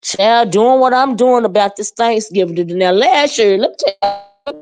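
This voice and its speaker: With music in the background, a woman in her fifties speaks unhurriedly in a voice on the high side, talking casually into the camera to another creator. She's a folksy, Southern-flavored vlogger who often says "you know what I mean" and "child." She sounds older than her age and dubs herself a surly old bird.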